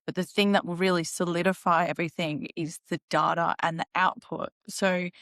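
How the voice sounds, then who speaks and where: A woman hosting a podcast, speaking in an animated, emphatic way and talking in quick bursts. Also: fairly low pitch, no echo, clean studio sound. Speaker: podcast host. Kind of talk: conversational interview hosting.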